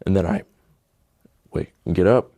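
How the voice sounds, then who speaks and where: A man's voice: low voice, unhurried, vocal fry, dark tone, dry recording, clean studio sound. A young man giving a casual personal testimony, full of "like" and "dude". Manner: casual, heavy use of "like" and "dude".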